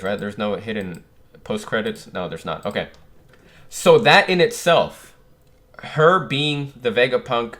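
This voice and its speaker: Young male reaction host, reads under his breath, then blurts out excited reactions. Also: mid-range voice. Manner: muttered reading breaking into loud surprised exclamations. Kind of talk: reading aloud and reacting.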